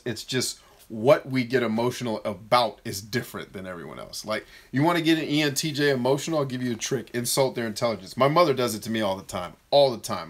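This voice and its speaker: A man talks loosely to his live chat, reading comments aloud and answering them bluntly. He jokes as he goes and now and then mocks a shrill, overexcited voice. His voice sits at an ordinary middle pitch for a man. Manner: blunt, joking, reads viewer comments aloud. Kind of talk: casual live-stream Q&A.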